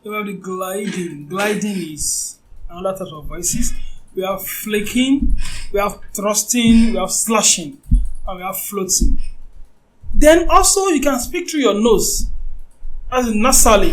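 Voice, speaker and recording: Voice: medium pitch, unhurried, faint music behind, rough recording. A voice acting teacher giving an informal lecture, talking conversationally and often checking that the listener understands.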